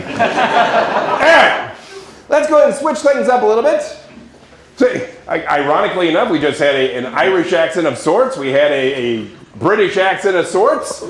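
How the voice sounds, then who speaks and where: A man hosting a live improv show, lively and joking with the audience. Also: sits high, noisy background. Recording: echoey room.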